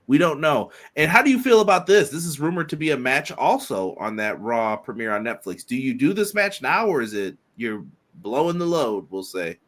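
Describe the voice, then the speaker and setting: A man's voice: medium pitch, big pitch swings, moderate pace, few pauses, a bit bright. A man co-hosting a wrestling podcast, chatting casually and reading out listener comments. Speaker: podcast co-host.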